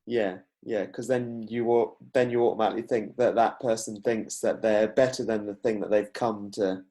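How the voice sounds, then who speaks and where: A man's voice: on the low side, fairly even intonation, warm tone. Chatty man hosting a podcast. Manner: chatty storyteller, full of "like" and quick agreement. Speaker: podcast host. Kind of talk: casual podcast chat.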